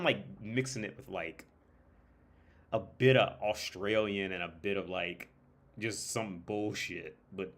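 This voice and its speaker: Speaking at a measured pace in a low, somewhat bright voice, a man hosts a livestream. His style is laid-back and rambling, full of fillers and profanity, with bursts of imitated British and Irish accents.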